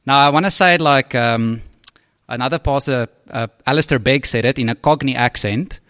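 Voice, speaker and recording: A man's voice: mid-range voice, normal speed, fairly bright tone, no room sound, clean studio sound. A man preaching as a pastor, talking conversationally and often checking in with the congregation. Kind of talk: sermon.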